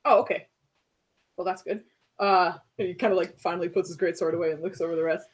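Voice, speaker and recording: A woman's voice: fairly low pitch, steady tone, fairly quick. A woman running a tabletop role-playing game, narrating scenes and voicing characters in a chatty, casual way. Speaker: game master.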